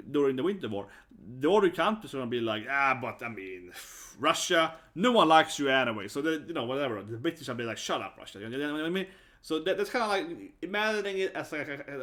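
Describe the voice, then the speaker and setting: A man from Sweden giving a casual opinion monologue on his channel, animated and full of "right?" tags and mocking quoted voices. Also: a little high. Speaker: vlogger.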